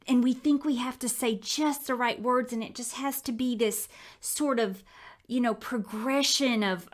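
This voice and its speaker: Woman, 30s to 40s, Christian speaker. Candid, heartfelt faith testimony, conversational delivery. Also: on the high side. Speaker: Christian speaker sharing her prayer life.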